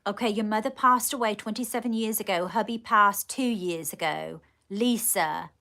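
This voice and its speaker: A woman leading a live channelling stream, speaking in halting, repeated phrases and calling her viewers darling. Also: medium pitch, bright, forceful tone. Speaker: psychic medium.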